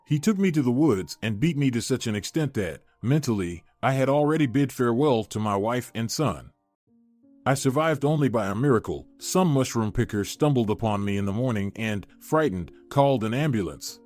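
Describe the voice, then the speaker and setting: A man voicing a wealthy middle-aged businessman who speaks in a measured, heavy, confiding way, in a storybook reading. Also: mid-range voice, animated, darkish tone, no room sound, soft background music, close to an everyday voice.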